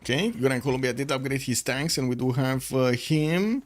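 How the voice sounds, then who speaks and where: A young man whose first language is Romanian calls a strategy game alone on his stream, his voice sitting at a middle pitch. He rambles easily from the play to his chat and back, and quiet music plays beneath him. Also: normal speed. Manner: rambling, chatty, reads and answers chat mid-cast. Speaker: esports caster. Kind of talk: solo game commentary on a live stream.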